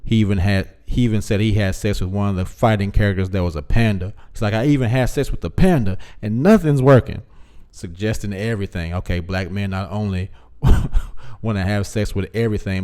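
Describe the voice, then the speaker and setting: A man casually recapping a plot, acting out the characters' lines in an animated way. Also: deep voice, a little fast, smooth. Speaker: commentary vlogger.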